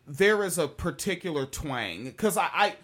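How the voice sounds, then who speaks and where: A host rants through reaction commentary in a blunt, profane way, mid-pitched and plainly spoken. Laughing asides break up the opinions. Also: expressive, unhurried, fairly bright tone.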